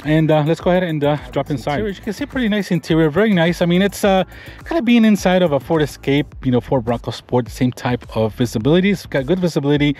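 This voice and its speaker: Soft background music accompanies a Florida man's car review vlog, in which he walks around a pickup truck and sits in the cab. His fairly high, slightly mellow voice is animated and quick, and his enthusiastic show-and-tell rambles with frequent sentence restarts.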